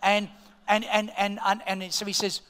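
A middle-aged Australian man preaching a sermon as pastor, an animated storyteller who swings from hushed asides to loud excited peaks. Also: high voice, a little slow, clear, resonant tone. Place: church auditorium. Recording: long reverb of a large church hall.

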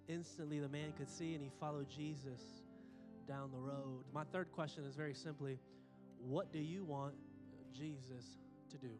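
A man preaching a sermon, emphatic, repeating phrases and building to excited peaks. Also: a little high, normal speed, music in the background. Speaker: pastor. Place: church auditorium. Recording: long hall reverb.

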